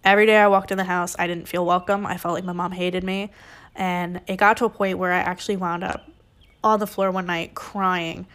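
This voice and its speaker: Young woman podcaster, gravelly low-end fry, candid and emotional storytelling, loose conversational delivery. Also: a bit bright. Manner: emotional, candid, conversational with many likes and ums. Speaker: podcast host. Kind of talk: personal storytelling.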